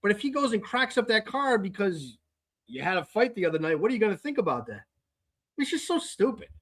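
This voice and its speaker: This podcast host's voice is high, very animated and fairly bright, with a breathy edge, moving briskly through a long story on his own show. He rants casually in exasperation, cursing heavily and repeating himself often.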